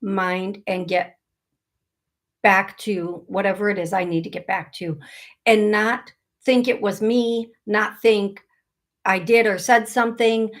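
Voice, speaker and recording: A woman's voice: mid-range voice, fairly even intonation, slow. A middle-aged woman hosting a live call-in show as a psychic medium, talking in a chatty, blunt way and laughing at her own asides.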